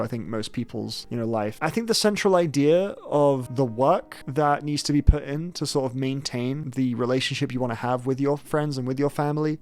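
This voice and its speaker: A young man reviewing films in a casual vlog, speaking close to the mic. His voice sits at an ordinary middle pitch, and he talks loosely and candidly, swearing freely and stopping to restart his sentences. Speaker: film vlogger. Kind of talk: casual spoken film review.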